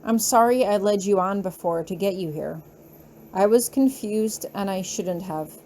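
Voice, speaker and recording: A woman's voice: mid-range voice, measured pace, darkish tone, slight background noise, natural voice. A woman voicing a resolved young heroine. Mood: firm.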